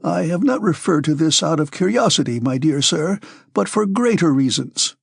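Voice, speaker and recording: A man voicing a severe, calm old male Freemason who speaks in a deliberate, loud way in an audiobook. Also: on the high side, gravelly, slightly rough, no echo, studio quality, heavily acted. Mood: grave, paternal. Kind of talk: audiobook character reading.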